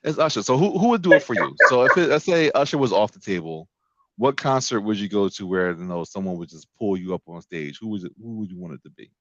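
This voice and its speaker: A low-voiced man hosting a casual podcast chat, crude and joking, who keeps slipping into the voices of the people he quotes. The sound is close and dry, but a little dull and muffled. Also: expressive, fast, a bit bright, dry recording. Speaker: podcast host.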